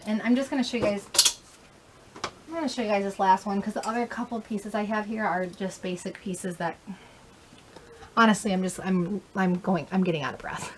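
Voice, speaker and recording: A young woman chatting casually in a haul vlog, rambling with fillers and correcting herself as she goes. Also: on the high side. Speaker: vlogger, thrift reseller.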